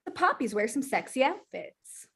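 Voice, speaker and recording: Woman, game host, high and bright, lively delivery, laughs through clues. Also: moderate pace, creaky, slightly rough. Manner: laughing, playful, reads clues aloud. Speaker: guest game show host. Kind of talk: casual game show hosting.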